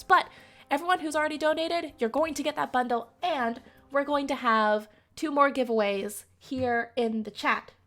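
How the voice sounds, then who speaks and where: A young woman hosting a charity live stream, excitable and laughing often as she talks to her chat. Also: fairly high pitch.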